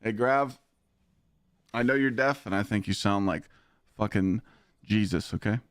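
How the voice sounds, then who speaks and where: A man's voice: fairly low pitch, a little slow, clear, resonant tone, dry recording, studio quality. A man live-streaming games, chatting casually with his viewers, ranting with lots of swearing and frequent laughter. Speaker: gaming streamer.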